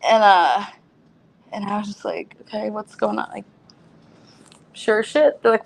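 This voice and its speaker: Woman, casual storytelling, animated, laughing, many fillers, mid-pitched voice. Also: a little slow, gravelly, pauses often. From United States. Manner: animated, laughing, acts out others' lines in a raised voice; frequent fillers like "like" and "oh my God".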